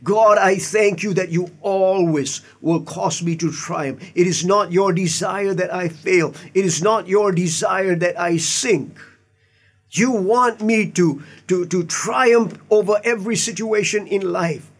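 Pastor guy preaching a sermon, high voice, earnest and emphatic, repeats himself. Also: unhurried. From Indian heritage.

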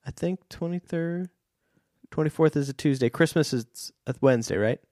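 A man's voice: on the high side, normal speed, darkish tone, dry recording. Wry man co-hosting a podcast, dry sound. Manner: rambling, wry, self-correcting. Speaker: podcast co-host. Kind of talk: casual chat.

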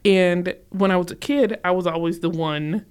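A woman who owns a bakery chats casually as a guest, telling stories and laughing often. Her voice is fairly low and smooth, at a moderate pace.

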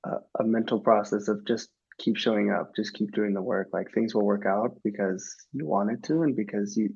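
A man's voice: on the low side, moderate pace, gravelly, a little mellow, slightly rough, muffled recording. A man in his twenties from Minnesota, a podcast guest who talks in a loose, rambling way with many restarts. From Minnesota, USA. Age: 20s. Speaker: guest, professional soccer player. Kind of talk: casual podcast chat.

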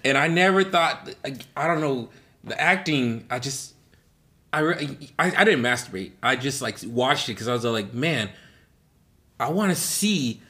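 A man's voice: medium pitch, lively intonation, normal speed, sharp tone. A young man co-hosting a podcast, chatting casually and rambling, full of restarts and laughter. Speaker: podcast co-host. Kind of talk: casual chat.

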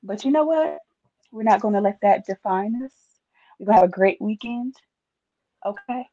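A woman's voice: medium pitch, expressive, normal speed, dark tone, no room sound, dull audio. A woman co-hosting a casual podcast chat, chatty and playful, laughing often. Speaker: podcast co-host.

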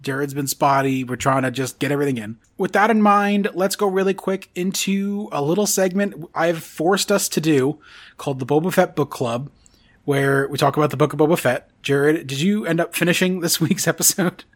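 A man's voice: on the high side, moderate pace. Chatty man rambling with many fillers. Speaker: podcast host. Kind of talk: casual chat.

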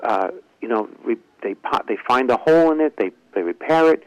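The recording is rough but has no echo, carrying a medium-pitched, brisk male voice. This ventriloquist and comedian relates a long interview story with liveliness, performing the words of the characters he describes.

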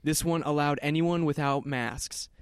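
A young man co-hosting a comedy podcast who laughs easily and chimes in with quick agreement. His voice sits a touch higher than most men's. The recording is close and dry. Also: steady tone, clean tone, no echo. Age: young adult. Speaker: podcast co-host. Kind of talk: casual comedic chat.

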